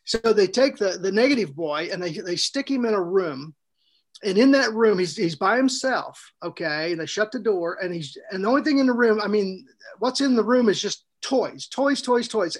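A man co-hosting a podcast, telling a story in a casual, animated way, laughing often and restarting his sentences. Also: high voice. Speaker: podcast co-host and author.

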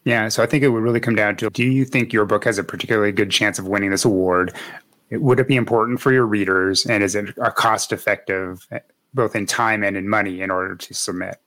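A man with a fairly low voice hosts a relaxed podcast conversation. He rambles along with plenty of "like"s and restarts, and the close, dry sound has almost no room echo. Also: fast talker. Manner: chatty, rambling, many fillers and restarts. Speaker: podcast host. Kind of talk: casual podcast chat.

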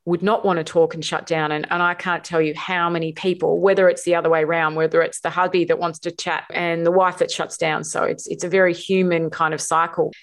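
A woman's voice: lowish voice, little pitch movement, brisk, hardly any pauses. A woman hosting a relationship coaching podcast, talking emphatically and repeating words for stress. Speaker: podcast host.

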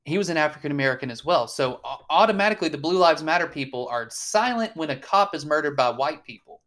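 A man's voice: a little high, expressive, fast, fairly bright tone. Blunt, swearing man in casual chat. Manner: blunt, swears often, frequent fillers and restarts. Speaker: podcast co-host.

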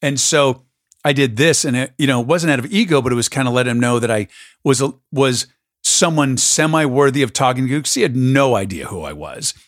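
A man's voice: mid-range voice, fairly quick, no room sound, studio quality. A man hosting a podcast, telling a story in a casual, enthusiastic way. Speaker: podcast host. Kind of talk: casual conversation.

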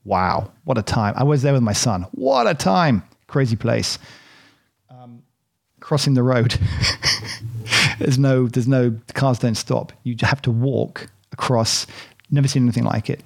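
A man's voice: medium pitch, animated, takes it slowly, vocal fry. A man hosting a casual chocolate tasting, chatty and rambling, poking fun at himself. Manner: chatty, rambling and self-deprecating.

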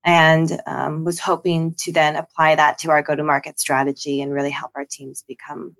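A woman's voice: deep voice, completely flat delivery, normal speed, a bit bright. A woman guest on a podcast interview, answering thoughtfully with frequent ums and restarts. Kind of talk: casual interview.

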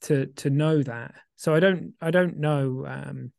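A man co-hosting a casual podcast, rambling with many restarts and getting excitable when he warms to a point. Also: a little high, takes it slowly, creaky, dry recording, clean studio sound. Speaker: podcast co-host.

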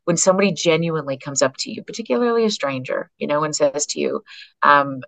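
A Canadian psychologist and author, appearing as a podcast guest, tells stories in a low voice at a quick pace with no echo. She's an animated storyteller who acts out the voices of the people she quotes.

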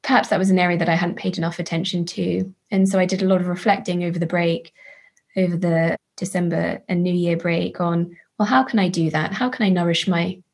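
A woman, a charity chief executive, speaking earnestly in an interview, often restarting her phrases and warming to her subject. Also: on the low side, steady tone, gravelly. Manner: earnest, halting restarts, enthusiastic. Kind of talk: reflective interview talk.

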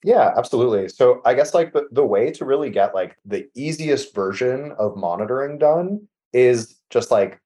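A man's voice: mid-range voice, expressive, normal speed, hardly any pauses. A man guest on a tech podcast, explaining machine learning practice in a casual, filler-heavy way over a remote call. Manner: casual, many fillers like "like" and "you know", trails off softly at sentence ends. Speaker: MLOps architect guest. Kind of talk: conversational technical explanation.

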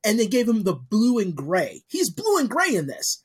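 A man with a husky, slightly breathy voice that swings widely up and down in pitch. He talks in a loose, profane podcast chat, pushing his opinions bluntly. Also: huge pitch swings, normal speed. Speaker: podcast co-host. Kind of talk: casual chat.

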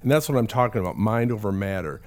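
Lower-voiced male counselor. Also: expressive, fast, darkish tone. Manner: conversational storytelling with acted quotes. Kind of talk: talk.

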